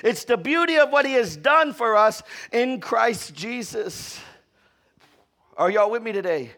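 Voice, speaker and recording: A male pastor from Florida with a Southern accent, preaching a sermon. He calls out to the congregation and moves from shouted peaks to quiet, low storytelling. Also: animated, a little slow. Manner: call-and-response, often asking "are y'all with me".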